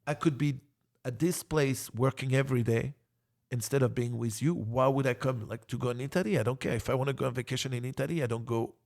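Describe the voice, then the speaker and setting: A man's voice: medium pitch, gravelly. A man in his forties from France with a French accent, telling casual stories as an interview guest, cursing freely and acting out what others said. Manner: swears a lot, animated retelling with quoted voices. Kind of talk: casual storytelling.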